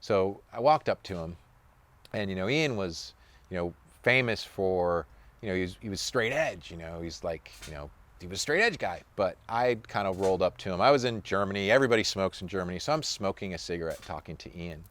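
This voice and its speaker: A man's voice: low-pitched, lively intonation, a little fast, a bit bright. A middle-aged man, a former touring punk musician, relaxedly recounting a tour story with many fillers. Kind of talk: storytelling anecdote.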